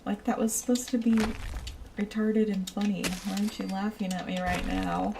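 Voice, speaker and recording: A woman's voice: medium pitch, little pitch movement, normal speed, gravelly, distant mic, background noise. A woman streaming a building game, rambling and giggling as she chats with her viewers. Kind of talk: casual chat while playing a building game.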